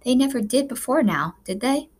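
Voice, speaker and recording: A woman's voice: high-pitched, expressive, moderate pace, pitched above the performer's own voice. A woman reading the part of a stout, sensible middle-aged farm mother, speaking with a lifted, eager voice. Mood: cheerful. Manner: eager, brighter and louder than the narration.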